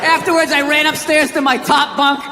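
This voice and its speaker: Ranting high-voiced man, stand-up on stage. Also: flat delivery, fairly quick. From United States. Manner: profane, ranting, exasperated. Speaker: comedian. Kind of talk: stand-up comedy. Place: large theater with a laughing crowd. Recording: echoey live hall, loud crowd.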